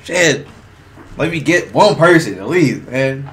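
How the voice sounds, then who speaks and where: A man streaming a shooter game, swearing, laughing and reacting loudly as he plays. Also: medium pitch, lively intonation, takes it slowly, background noise. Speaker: gaming streamer. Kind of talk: casual gameplay commentary.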